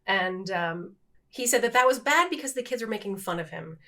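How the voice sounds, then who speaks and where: In an animated, easygoing podcast conversation, a middle-aged woman co-hosts and cheerfully laughs off her own mistakes with self-deprecating humor. Her voice is mid-range and a little fast.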